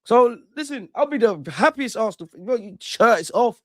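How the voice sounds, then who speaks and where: High-voiced man ranting on stream. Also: normal speed, dry recording, studio quality. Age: 30s. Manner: animated, slangy, swings between loud and muttered. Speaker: livestream host. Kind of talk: casual livestream rant.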